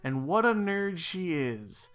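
A man's voice: high voice, very animated, takes it slowly, a bit bright, clear, resonant tone, soft background music. A man casually recapping a movie on a podcast, rambling with many fillers and dropping wry, sarcastic asides. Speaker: podcast co-host. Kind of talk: casual film recap chat.

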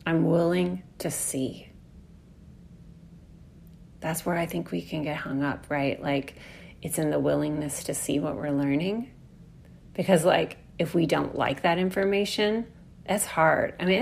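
A woman's voice: low-pitched, vocal fry, a little mellow, a little hiss or hum. A woman giving a reflective, earnest spiritual talk about astrology, casually swearing and acting out inner voices. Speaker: astrology speaker.

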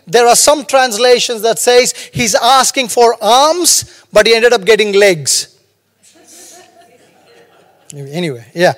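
A man's voice: extremely high pitch, big-room sound. A man preaching a sermon as pastor, talking conversationally and joking between stories. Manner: humorous, conversational preaching with storytelling asides.

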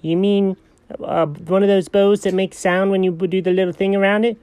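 A performer playing an excitable, chatty male buddy in an improvised audio story, talking in a playful, swooping way. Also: medium pitch, normal speed, no room sound, natural voice.

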